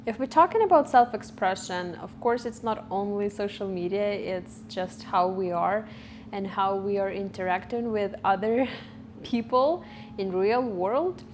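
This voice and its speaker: A woman's voice: mid-range voice, a little slow, a little hiss or hum. A woman in her twenties talking to the camera for her vlog, thoughtful and often searching for her words. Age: 20s. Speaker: vlogger. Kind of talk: reflective talk to camera. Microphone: camera recording.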